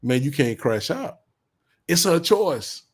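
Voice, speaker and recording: A man's voice: a little high, very animated, slow pace, breathy edge. Blunt slang-heavy man lecturing. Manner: blunt, preachy, heavy slang, repeats insults with bursts of laughter. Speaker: commentary vlogger. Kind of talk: casual advice monologue.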